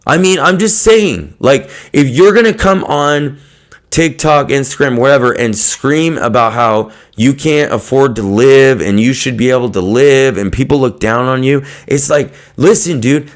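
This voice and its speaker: A man's voice: medium pitch, animated, a little slow. A man hosting a podcast, ranting bluntly to fellow hairdressers, swearing often and stuffing his talk with fillers. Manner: blunt, heavy swearing, lots of fillers, laughs mid-rant. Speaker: podcast host. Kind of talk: profane rant to fellow hairdressers.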